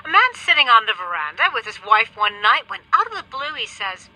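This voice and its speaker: Brisk woman radio host. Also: a little high, big pitch swings, pushed and bright, poor audio. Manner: brisk, scripted delivery in the intro, conversational with the guest. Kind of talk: radio interview.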